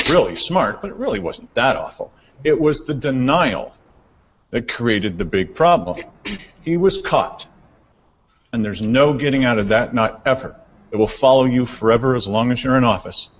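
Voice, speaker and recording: A man's voice: medium pitch, expressive, normal speed, a little hiss or hum. A man giving prepared public comment at a meeting, pointed and accusing. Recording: dull, reverberant meeting hall.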